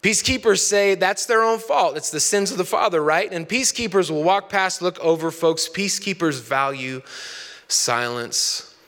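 A man in his thirties preaches a sermon with a relaxed, conversational storytelling style and often asks his listeners questions. His voice sits slightly high and sounds bright and forward. A long reverb from the church hall trails behind his words. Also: moderate pace, few pauses. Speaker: pastor.

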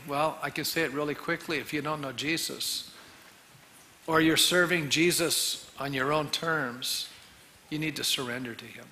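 A pastor delivers a sermon in a bright, ringing voice, set a little higher than most men's. He pleads earnestly with the congregation, swelling louder, then dropping low. The sanctuary gives his words a long reverb, with soft music faintly underneath. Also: fairly even intonation, moderate pace, slight background noise. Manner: earnest, pleading, rises and drops in volume. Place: church sanctuary. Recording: long reverb of a large hall.

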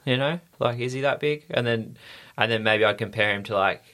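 A man's voice: medium pitch, fairly quick, sharp tone. An Australian man telling stories as a podcast guest in an easygoing, rambling way with lots of fillers. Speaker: podcast guest, stunt rider. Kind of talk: casual storytelling.

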